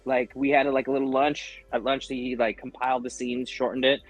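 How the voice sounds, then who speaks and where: Male actor guest, animated storyteller, dry close mic, faint music bed. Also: medium pitch, brisk, no room sound. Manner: animated, acts out quoted voices, frequent fillers. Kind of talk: casual interview storytelling.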